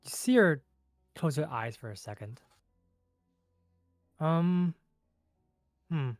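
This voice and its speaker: A man's voice: mid-range voice, sing-song, moderate pace, no room sound, clean studio sound, faint music behind. A man narrating a tabletop game as game master, loose and chatty.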